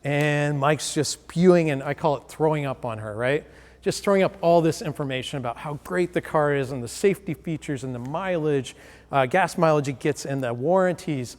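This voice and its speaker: A man's voice: on the high side, normal speed. A man giving a sales presentation, telling a story to an audience, acting out the dialogue and asking the crowd questions. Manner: animated storyteller who acts out dialogue and asks the audience questions. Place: presentation hall. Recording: long hall reverb.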